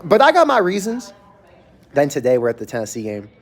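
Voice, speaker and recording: A man's voice: a little high, huge pitch swings, a little fast. A man hosting a fan channel livestream, venting candidly with casual swearing from an empty closed restaurant.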